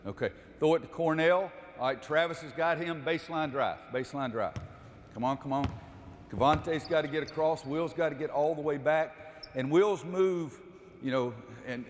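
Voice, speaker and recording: An older man coaching basketball players through a defensive drill, explaining steps and calling out repeated commands. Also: fairly high pitch. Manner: instructive, barks repeated drill calls. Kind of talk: coaching clinic on court. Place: gym. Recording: long reverb of a large gym.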